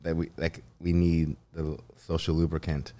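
Young man, podcast host, deep voice, laid-back, casual swearing. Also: level tone, moderate pace, warm tone.

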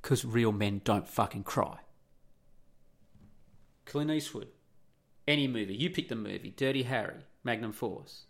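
A man's voice: mid-range voice, a little slow, vocal fry, long pauses. A middle-aged man hosting an opinionated monologue, blunt and profane, firing off rhetorical questions.

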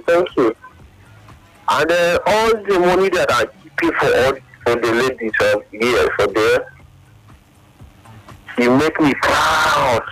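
A Nigerian man calling in to a radio show, telling a halting, emotional story of lost love in pidgin-laced English. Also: medium pitch, poor audio. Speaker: caller.

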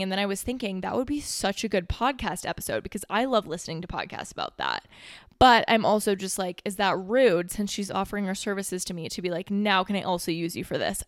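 Young woman, twenties, podcast host, rambling casual chat, filler-heavy, swears, slightly out of breath, mid pitch, dry close sound. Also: no room sound. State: a bit out of breath.

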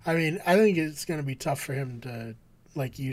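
A man's voice: a little high, animated, moderate pace, a little mellow, slight background noise. A man co-hosting a casual recap discussion in a loose, easygoing way, trailing off as he finishes his points. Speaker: podcast co-host.

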